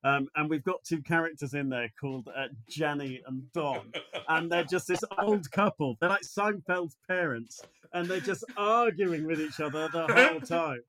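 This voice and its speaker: An actor and writer chatting as a podcast guest, jokey and full of fillers. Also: male voice, fairly high pitch, normal speed, hardly any pauses, sharp tone, low-quality recording. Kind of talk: casual chat.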